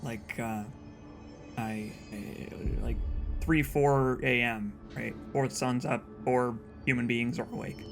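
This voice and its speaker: A young man talks his way through casual let's play commentary in a mid-pitched voice, often restarting with repeated words. Faint game music plays softly behind him. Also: fairly even intonation, unhurried. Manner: rambling, self-interrupting with repeated words.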